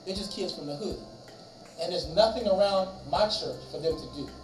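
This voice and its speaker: A man preaching at a chapel service, telling a long story with animated delivery and acting out the voices of the people in it. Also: high voice, moderate pace, soft background music. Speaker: chapel speaker. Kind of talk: storytelling sermon. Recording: roomy echo from distance, faint ambience.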